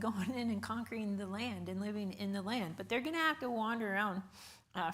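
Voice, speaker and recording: A woman teaching an informal Bible class, chatty with many fillers and rhetorical questions. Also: medium pitch. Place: church classroom.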